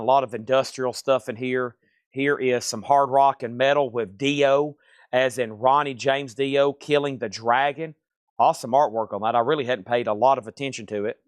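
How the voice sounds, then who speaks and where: A man hosting a live record sale, rattling off items and prices in a casual, brisk way. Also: mid-range voice, clean tone, no echo, clean studio sound. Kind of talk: livestream sales pitch.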